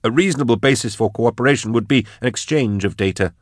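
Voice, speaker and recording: A man voicing a prickly, defensive older male biologist in an audiobook, talking quickly and indignantly. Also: no room sound, clean studio sound, close to an everyday voice. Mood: irritated. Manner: indignant, quick, higher pitched. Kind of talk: audiobook narration.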